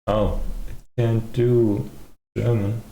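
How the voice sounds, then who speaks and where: A man's voice: fairly low pitch, little pitch movement, slow, warm tone, low-quality recording. A man streaming his coding session, thinking aloud with muttered hmms and blunt swearing. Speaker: streamer and game developer. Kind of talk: casual livestream commentary.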